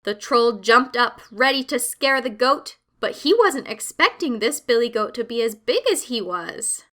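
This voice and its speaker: A woman narrating classic children's stories in a slow, clear and expressive storytelling manner. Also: on the high side.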